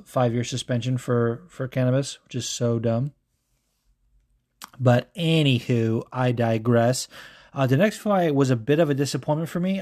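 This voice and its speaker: A man hosting a casual recap show, rambling and swearing a lot, full of fillers and asides, a bit hungover. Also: medium pitch. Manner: profane, rambling and animated, with many fillers. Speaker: podcast host recapping fights. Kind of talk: casual chat.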